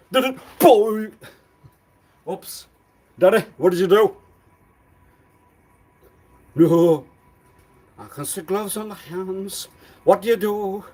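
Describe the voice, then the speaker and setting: A man's voice: sits high, slow pace, pauses often, darkish tone. A man on a live stream, talking in an insistent, repetitive way and firing accusing, demanding questions. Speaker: livestreamer.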